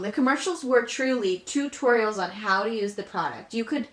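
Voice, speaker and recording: Animated young woman in a roomy echo. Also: fairly high pitch, moderate pace. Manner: animated storyteller, acts out commercial voices. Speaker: podcast co-host. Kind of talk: casual nostalgic chat. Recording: roomy echo, backup audio.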